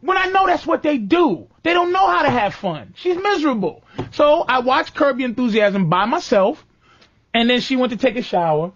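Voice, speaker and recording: A man hosting a comedy podcast, telling stories in a profane, animated rant. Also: very high-pitched, normal speed, no echo. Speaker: podcast host. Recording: dull lo-fi dry sound.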